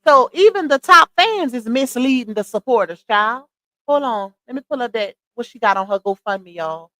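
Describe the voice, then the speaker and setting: Woman streamer, high-pitched, dry close mic, incredulous commentary. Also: expressive, normal speed, pushed and bright, no echo, poor audio. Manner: sassy, incredulous, addresses viewers as y'all and baby. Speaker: live stream commentary host. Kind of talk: casual livestream commentary.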